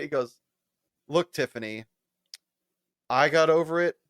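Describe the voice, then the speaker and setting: A man's voice: a little high, takes it slowly, pauses often, no room sound, studio quality. A man co-hosting a casual podcast chat, laughing often and acting out quoted lines as he retells scenes. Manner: animated, laughs often, acts out quoted voices. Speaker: podcast co-host.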